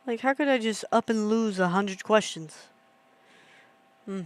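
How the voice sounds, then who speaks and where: In a medium-pitched voice and a measured pace, a young woman streamer casually chats with her viewers. She rambles, talks to chat, and keeps laughing at her own jokes.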